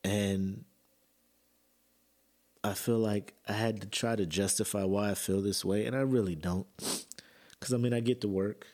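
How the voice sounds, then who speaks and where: A man's voice: lowish voice, steady tone, unhurried, pauses often, darkish tone. A man hosting a podcast, talking earnestly and emotionally in a personal monologue, with casual fillers and swearing. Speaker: podcast host.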